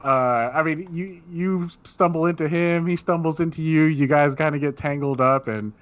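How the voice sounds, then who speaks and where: A man's voice: on the high side, normal speed, dull audio. A man narrating as game master, describing scenes in a loose way full of fillers.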